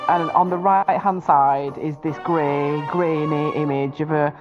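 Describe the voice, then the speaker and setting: A woman's voice: sits low, steady tone, measured pace, highs cut off, music in the background. A woman speaking as a podcast guest over a video call, teasing and laughing. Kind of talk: casual chat.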